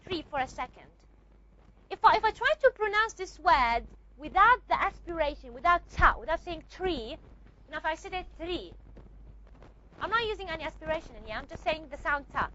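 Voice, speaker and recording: A woman's voice: very high-pitched, expressive, fast, pushed and bright, lo-fi sound. A woman teaching a classroom lecture, repeating and modeling sounds and checking often that students follow.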